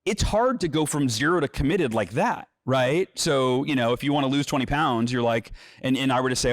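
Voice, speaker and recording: A middle-aged man, an author appearing as an interview guest, teaches in an animated, earnest, conversational way, acting out inner voices and quotes and repeating words when he restarts. His pitch is ordinary and middle, his pace a little fast with hardly any pauses, and the studio sound is dry and close with no room around it.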